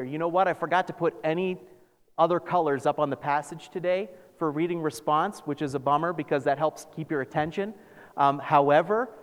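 A man preaching a sermon as pastor, animated, acting out scripture with sarcastic asides. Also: a little high. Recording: long reverb of a large hall.

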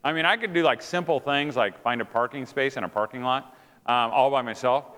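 A middle-aged man giving a humorous sermon to an audience in a large hall, animated and jokey, acting out the voices of the people in his stories. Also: mid-range voice, fairly quick, a little hiss or hum. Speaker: speaker at a marriage event. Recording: long hall reverb.

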